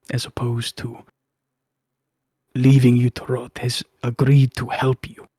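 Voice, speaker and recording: A stern, powerful old witch speaks in slow, formal, commanding tones, as a man plays her. The voice stays level and low-key, and the sound is dry and close. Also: a little mellow, breathy edge, no room sound.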